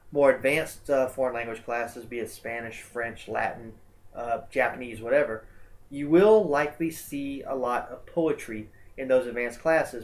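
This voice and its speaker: A male English instructor talks through a slide lecture. He sounds relaxed and conversational, with plenty of uh and um fillers, and his voice sits at an ordinary middle pitch. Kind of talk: recorded lecture over slides.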